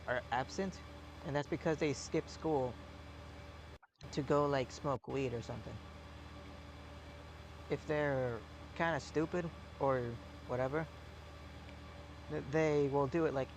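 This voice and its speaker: A young man narrates his farming game in a loose, rambling way and drops deadpan jokes. His voice has a gravelly fry, and his throat is sore. A steady engine hum runs loud beneath the stream audio. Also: medium pitch. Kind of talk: casual gameplay commentary.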